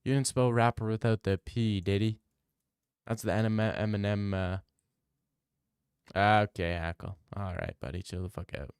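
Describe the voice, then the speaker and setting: A man's voice: fairly low pitch, steady tone, normal speed, long pauses, darkish tone, clean tone, no room sound, clean studio sound. A young man hosting a livestream, reading out chat and rambling in a crude, jokey, casual way. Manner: rambling, crude, jokey, slips into silly voices. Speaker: livestream host answering chat.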